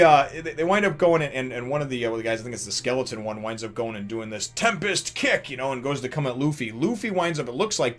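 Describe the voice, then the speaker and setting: A man hosting a chatty comic review vlog at a mid-range pitch for a man. He rambles through the recap with plenty of fillers and restarts, breaking into laughs as he goes. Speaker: host of a manga review channel. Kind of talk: casual chapter review vlog.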